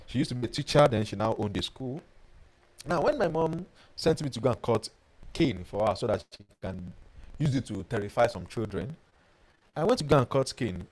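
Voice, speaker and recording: A man leads a webinar as a life coach. His voice sits at a middle pitch but swings up and down with lively, expressive intonation. He tells personal stories with energy and stops now and then to read out viewer comments. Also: low-quality recording. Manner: animated storyteller who reads out viewer comments.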